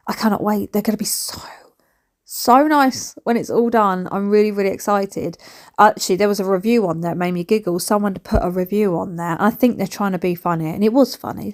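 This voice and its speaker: A woman chats away in a home vlog, rambling and excitable as she tidies a bedroom. Her voice sits at an ordinary middle pitch. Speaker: home vlogger and mother.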